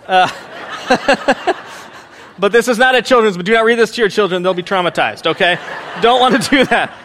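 A man's voice: high voice, normal speed, a little hiss or hum. A man in his forties preaching a humorous sermon in church, joking and acting out quotes. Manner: joking, animated, acts out quotes. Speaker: pastor.

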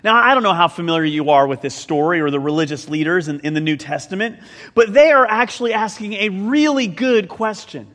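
High-voiced preacher in a reverberant hall. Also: male voice, brisk. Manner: animated, conversational, with joking asides. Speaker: pastor. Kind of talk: sermon.

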